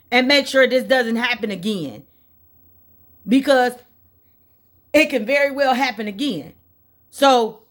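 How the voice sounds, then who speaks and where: A woman from Indiana, USA, speaks straight to her vlog audience with a slightly high voice. She rants in exasperation and circles back to the same complaints. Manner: exasperated ranting, repeats points. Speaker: vlogger. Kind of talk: casual opinion vlog.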